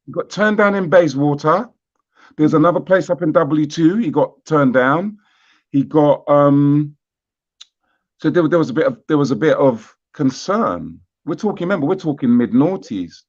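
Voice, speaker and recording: Male guest, British accent, laid-back storyteller, muffled lo-fi sound. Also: fairly high pitch. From Britain. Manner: relaxed and unhurried, with frequent fillers and asides. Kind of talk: casual conversational storytelling.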